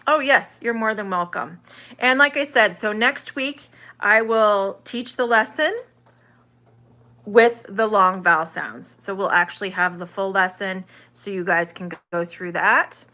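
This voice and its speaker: A woman teaches English on a live stream, with a bright, clear tone. She talks unhurriedly, answers viewers' comments as they come in, and draws out each vowel sound with care. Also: mid-range voice. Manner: chatty, reads viewer comments aloud and answers them; sounds out vowels slowly and carefully. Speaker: online ESL teacher.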